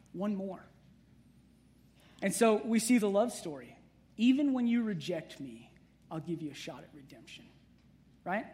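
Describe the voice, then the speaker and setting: A man preaches a conversational sermon. His voice sits high for a man. He jokes with the congregation and keeps the tone relaxed. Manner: conversational, humorous, with playful asides to the congregation. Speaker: pastor.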